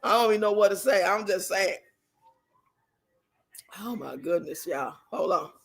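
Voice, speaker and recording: A woman's voice: mid-range voice, expressive, a little slow, gravelly. A woman in her fifties hosting a casual commentary vlog, sassy and profane, laughing often as she reads chat comments. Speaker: channel host.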